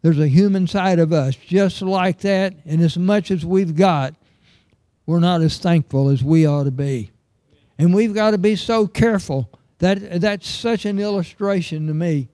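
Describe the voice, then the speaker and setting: A man's voice: high-pitched, dark tone, no echo, studio quality. A middle-aged man preaching a sermon, earnest and emphatic, reading scripture aloud.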